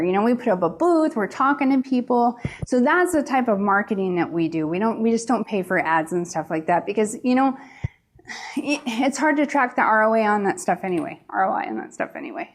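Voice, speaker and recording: A woman's voice: medium pitch, animated, fairly quick, slight background noise. A woman from the East Coast who owns a pizzeria, telling her story in a candid, salty way at a conference seminar. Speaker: pizzeria owner giving a seminar talk. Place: large conference room.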